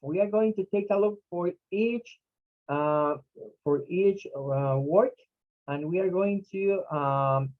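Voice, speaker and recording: A native Spanish speaker teaching English pronunciation online breaks words into syllables and repeats each sound patiently. The delivery is unhurried, and the recording is muffled and lo-fi. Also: mid-range voice.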